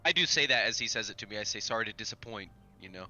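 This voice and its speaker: Easygoing player dude on a call, super bright tone. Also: male voice, on the low side, lively intonation, rapid-fire, highs cut off, faint music behind. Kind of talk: playing a tabletop game over a video call.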